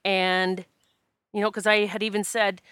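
A woman's voice: medium pitch, unhurried, clean tone, dry recording. A woman who practises Reiki, telling a personal story in a candid, emotional, casual way and acting out what people said. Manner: emotional, candid, animated quoting of herself.

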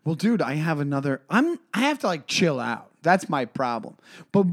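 Animated, swearing man in his forties. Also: a little high, moderate pace. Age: 40s. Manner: animated, swearing, many restarts. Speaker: comedian and podcast co-host. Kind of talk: casual chat, storytelling.

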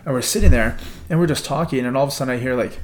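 Fast-talking man telling a rambling story. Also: mid-range voice, slight background noise. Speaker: podcast guest. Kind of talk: casual storytelling.

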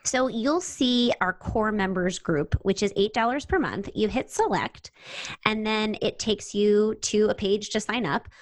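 A woman's voice: medium pitch, measured pace, dry recording, rough recording. A woman co-hosting a podcast, talking in an upbeat, casual way. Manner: upbeat, promotional. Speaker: podcast co-host.

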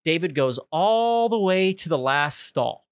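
A young man co-hosting a casual podcast, telling a story with lively acted-out voices. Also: on the high side, measured pace, smooth, no echo, studio quality. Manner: animated, acts out voices in his stories. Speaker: podcast co-host.

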